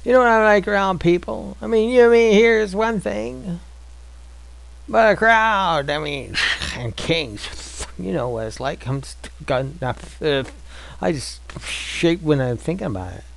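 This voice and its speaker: A man's voice: sits high, animated, unhurried, vocal fry, pitched above the performer's own voice, heavily acted, low-quality recording. A man voicing a nervous adult Moses who stammers and pleads to get out of a task. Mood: anxious.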